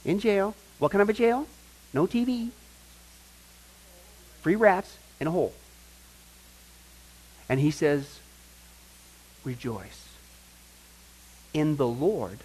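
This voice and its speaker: A man preaching a sermon to a group, animated, often asking his listeners questions and acting out the people he quotes. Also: high voice, moderate pace, pauses often, slightly rough, rough recording. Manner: animated, acts out quoted voices, asks the audience questions. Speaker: pastor teaching a Bible study.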